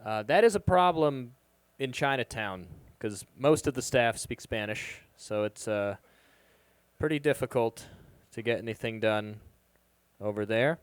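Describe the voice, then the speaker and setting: A young man doing stand-up at an open mic in a bar, with a smooth, clear voice. He talks in a casual, halting way, full of little ums. The sound is dry and close on a handheld mic. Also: mid-range voice, expressive, no echo. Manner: casual, hesitant delivery with many ums. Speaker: stand-up comedian. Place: live music bar stage.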